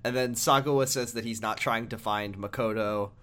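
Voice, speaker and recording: A man's voice: lowish voice, steady tone, normal speed, a bit bright. A man co-hosting a casual podcast, joking and laughing often, with plenty of fillers. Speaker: podcast co-host.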